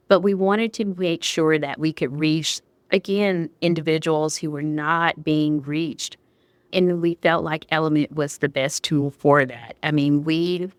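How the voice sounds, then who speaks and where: A woman speaking as a guest on a podcast recorded live at a conference, answering in an earnest, measured way with repeated phrasing. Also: low voice, clear, resonant tone, no room sound. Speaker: guest, college vice president. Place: conference venue.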